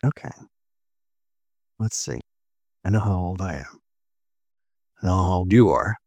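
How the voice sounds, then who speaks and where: A man hosting a casual chat, asking quick teasing questions. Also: low-pitched, lively intonation, darkish tone, no echo.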